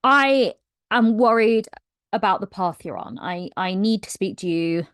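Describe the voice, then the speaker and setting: A woman's voice: mid-range voice, expressive, measured pace, a bit bright, no room sound. A woman reads the part of a sorrowful witch, earnest and pleading in tone. She sounds close and dry, with no room around her. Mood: worried.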